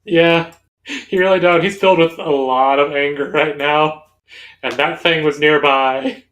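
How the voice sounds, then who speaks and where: A man's voice: fairly high pitch, steady tone, a little slow, fairly bright tone. A man playing a tabletop game, describing his character and speaking in character to a monster. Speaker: player. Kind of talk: casual tabletop game chat.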